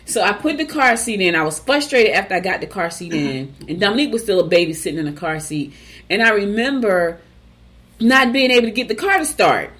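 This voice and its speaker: A woman's voice: mid-range voice, expressive, a little fast, fairly bright tone. A woman hosting a morning show, telling stories in a chatty, casual way with asides to her listeners and reading horoscopes.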